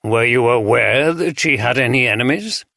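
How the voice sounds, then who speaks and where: A man's voice: medium pitch, normal speed, vocal fry, pushed and bright, dry recording. Male reader voicing a direct northern detective, Northern English accent, dry close sound. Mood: calm. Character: steady, unintimidated northern male chief inspector.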